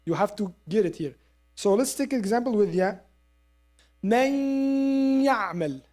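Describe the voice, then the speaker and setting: A woman's voice: medium pitch, animated, warm tone, faint music behind. Woman teaching Quran recitation. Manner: models recitation sounds and repeats them slowly; explains step by step, asks listeners to agree. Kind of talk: classroom lesson.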